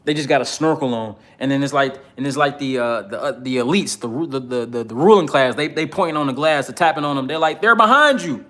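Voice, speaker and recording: A man's voice: medium pitch, fairly even intonation, quick pace, hardly any pauses. A man giving a casual commentary monologue, rambling with many fillers and speaking bluntly and profanely. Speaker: political commentator.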